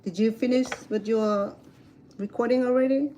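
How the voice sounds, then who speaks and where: A woman's voice: on the high side, normal speed, highs cut off. Woman vlogger, chatty storyteller, cooking outside on a camera mic with faint noise behind. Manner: chatty, animated storytelling with fillers. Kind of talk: casual chat while cooking. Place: outdoors at a home grill.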